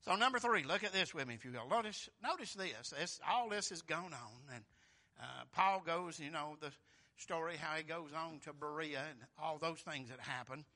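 A man preaching a sermon in a folksy, emphatic way, swinging between loud and soft. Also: fairly high pitch, lively intonation, moderate pace.

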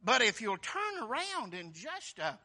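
A male preacher giving a folksy, animated sermon and acting out the scripture characters. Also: very high-pitched, unhurried.

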